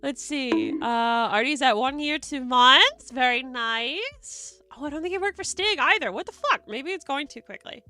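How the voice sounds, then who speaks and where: A woman's voice: sits high, lively intonation, moderate pace, few pauses, sharp tone. A young woman streamer chatting casually with viewers, giggly and effusive, swearing freely. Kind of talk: casual live-stream chat reading viewer messages. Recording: faint music behind.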